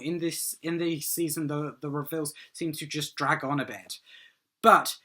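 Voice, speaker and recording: A man talks through a TV episode review in a loose, unscripted way. His voice is bright and forward. He fills his sentences with "um" and "like" as he works out his thoughts. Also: a little high, steady tone, normal speed. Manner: rambling, full of "um" and "like", eager. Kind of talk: casual solo review monologue.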